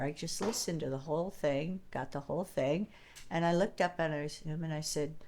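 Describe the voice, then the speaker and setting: A woman's voice: sits low, animated, normal speed. A woman who works as a diner server, talking earnestly in an interview and often repeating her words. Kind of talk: casual interview talk.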